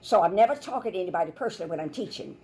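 A woman minister teaches scripture with lively energy. She tells everyday stories and slips into the voices of the people she quotes. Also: lowish voice, rapid-fire. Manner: animated storytelling, acts out quoted voices. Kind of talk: Bible teaching sermon.

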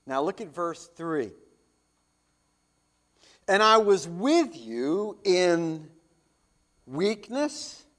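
A male pastor with a high voice delivers a sermon at a slow, deliberate pace. He reads scripture aloud and presses rhetorical questions, swelling to loud emphasis and then dropping low and quiet.

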